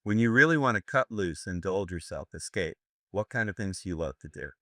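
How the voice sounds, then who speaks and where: A man's voice: sits low, lively intonation, brisk, pushed and bright, no echo, clean studio sound. An older American man giving a live seminar lecture, brash and profane, joking with his audience. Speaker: seminar instructor.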